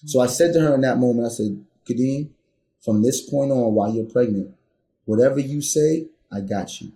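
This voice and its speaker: A man's voice: mid-range voice, moderate pace, roomy sound. A man guest on a podcast telling a personal story earnestly, acting out heated arguments with rising intensity. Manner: earnest, builds to loud re-enacted arguments. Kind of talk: candid storytelling.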